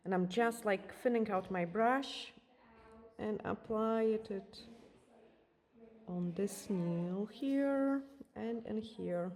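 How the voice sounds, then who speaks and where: A woman's voice: medium pitch, darkish tone. A woman, a nail technician, casually talking through a nail tutorial step by step as she works. She is losing her voice, and Polish is her first language. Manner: chatty, explains steps as she works. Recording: background noise from a hair dryer.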